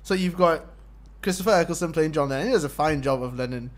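A man's voice: on the high side, quick pace. A man explaining things in a rambling way during a casual group chat.

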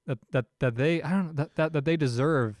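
A man's voice: a little high, brisk, darkish tone, no room sound, clean studio sound. A young man co-hosting a podcast in casual political chat, often hesitating and searching for words. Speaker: podcast co-host.

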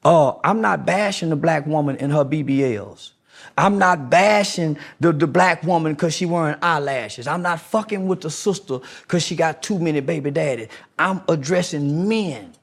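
A man with a notably high voice full of gravel and fry. He argues like a street preacher, confrontational and insistent, repeating the same rhetorical questions to drive his point home. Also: moderate pace. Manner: mocking impressions in a raised voice. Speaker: guest. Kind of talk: heated podcast interview.

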